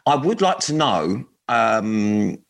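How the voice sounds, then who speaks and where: A man's voice: lowish voice, sing-song, takes it slowly. A young man hosting a casual radio dating show, rambling and jokey, often laughing.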